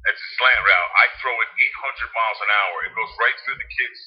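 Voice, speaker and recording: A former quarterback from Harrison, New Jersey, appears as a podcast guest in a casual storytelling chat. He's blunt, salty and animated, acting out quotes as he talks in a lowish voice at a fairly quick clip. The podcast audio is dull and lo-fi.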